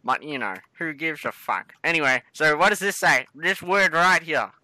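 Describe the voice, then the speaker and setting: Young Australian man, crude and rambling, a little high-pitched, running a joke interview over voice chat. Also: lively intonation, normal speed, sharp tone. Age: young adult. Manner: crude, swearing, rambling and teasing. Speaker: gaming video host.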